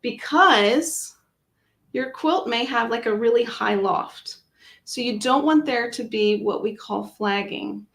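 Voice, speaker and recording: A chatty woman walks through a sewing machine demo, narrating each step as she goes and filling pauses with "um" and "like." Her voice sits a little high and carries a gravelly fry, and the room adds a roomy echo. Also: fairly bright tone. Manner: chatty, with frequent fillers, narrating her own actions. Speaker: product demonstrator. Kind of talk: hands-on sewing machine demonstration.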